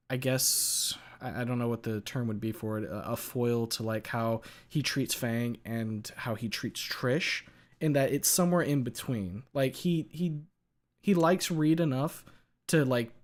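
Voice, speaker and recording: A man of ordinary mid pitch hosts a relaxed chat. He thinks aloud, circling back and restarting his sentences as he gropes for the right term. The delivery is easygoing and unscripted. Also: slow. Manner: thoughtful, hesitant, many filler words. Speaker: podcast host. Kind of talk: casual chat.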